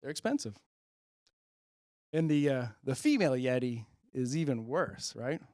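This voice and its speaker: A man's voice: mid-range voice, very animated, measured pace, darkish tone, no room sound. A man doing a rambling, self-amused stand-up monologue into a handheld mic on a public-access show. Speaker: comedian host.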